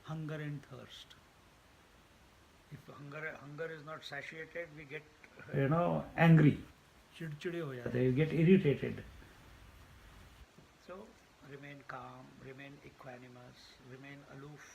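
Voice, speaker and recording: A man's voice: on the high side, flat delivery, a little slow, gravelly, long pauses, darkish tone, slight background noise, poor audio. A man teaching a spiritual discourse, emphatic and repetitive, laughing at his own jokes. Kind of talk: Vedanta discourse.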